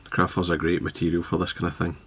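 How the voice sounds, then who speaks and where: A man giving a casual step-by-step fly tying demonstration, relaxed and thinking aloud as he works with his hands. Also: low-pitched, quick pace, breathy edge.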